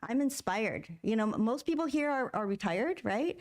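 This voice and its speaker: A woman's voice: fairly high pitch, lively intonation, moderate pace, darkish tone. Conversational woman minister preaching a sermon. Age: middle-aged. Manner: conversational, asks the congregation questions; acts out inner voices in quotes. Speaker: guest minister. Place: church sanctuary.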